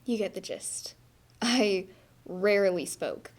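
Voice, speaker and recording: A woman's voice: medium pitch, expressive, takes it slowly. An actress playing a shy young woman in a theatre monologue, telling her story in a wry, reflective way. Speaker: stage actor.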